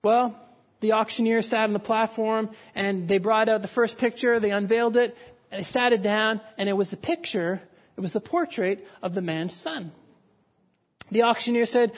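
A man's voice: high voice, moderate pace. A man preaching a sermon, telling a story with dramatic rises and falls. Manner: dramatic storytelling, voices raised for the crowd.

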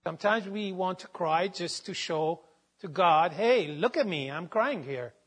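A man giving a devotional Bible teaching, reading out verses with their references in a measured way. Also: high-pitched, animated, slightly rough.

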